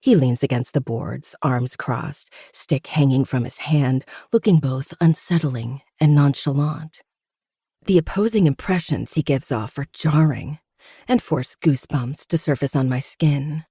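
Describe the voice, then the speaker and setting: Gravelly, dark-toned story narrator. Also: medium pitch, measured pace, no echo, studio quality. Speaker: podcast host reading a novel. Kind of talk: first-person audiobook narration.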